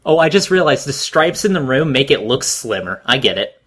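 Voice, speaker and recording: A man co-hosting a casual watch-along commentary, animated and jokey, swearing casually. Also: mid-range voice, brisk, breathy edge. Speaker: commentary co-host.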